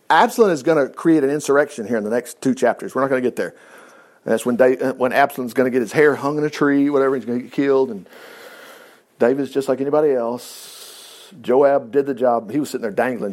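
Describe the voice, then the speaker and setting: A man with a high-pitched voice walks through a Bible story at a casual study. He reads the verses, then breaks off into folksy jokes and asides. His delivery swings between loud, emphatic bursts and low mutters. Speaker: Bible teacher.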